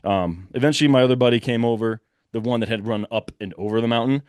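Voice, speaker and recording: A young man telling a hunting story in a lively, casual way, acting out the shouts of the people in it. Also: medium pitch, fast, clean tone, no room sound, clean studio sound. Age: young adult. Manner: animated, breathless retelling with quoted shouts.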